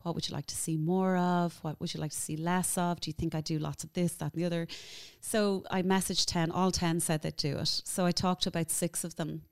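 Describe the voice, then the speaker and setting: A woman's voice: lowish voice, little pitch movement, fairly quick, creaky, few pauses. A woman guest telling a story in casual interview chat, chatty and emotional, full of "like" fillers. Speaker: guest, cookbook author.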